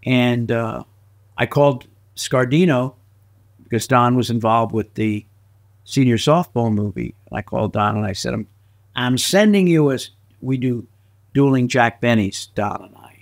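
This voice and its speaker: A man's voice: mid-range voice, moderate pace, vocal fry. A man telling anecdotes as a guest in a casual interview, laughing often and slipping into voices. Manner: lively anecdotal storyteller who slips into voices and laughs often. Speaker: guest actor and filmmaker.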